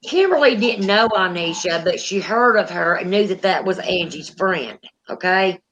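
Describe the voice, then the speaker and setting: A woman's voice: lowish voice, animated, normal speed, fairly bright tone, dull audio, a little hiss or hum. A woman hosting a casual paranormal chat, animatedly retelling a story and acting out the quotes. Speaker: paranormal channel host.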